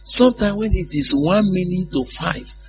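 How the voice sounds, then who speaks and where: A man's voice: high-pitched, normal speed, over music. A male preacher giving a conversational sermon, often putting questions to his congregation and laughing at his own stories.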